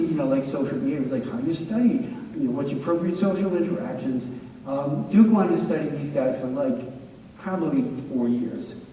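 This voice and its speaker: A man giving a lecture with anecdotes at a staff training, an energetic, animated storyteller who acts out quotes. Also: fairly high pitch, slight background noise. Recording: echoey hall, distant mic.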